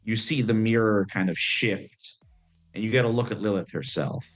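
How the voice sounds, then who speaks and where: Deep-voiced man running a tabletop game. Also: moderate pace, soft background music. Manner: relaxed, hesitant with fillers. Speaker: game master.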